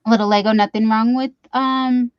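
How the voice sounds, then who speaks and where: A woman's voice: fairly high pitch, steady tone, normal speed, clear, resonant tone, no echo, dull audio. A middle-aged woman hosting a casual live-stream chat from home, chatty and easily sidetracked, often poking fun at herself. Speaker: livestream host. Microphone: computer mic for a live stream.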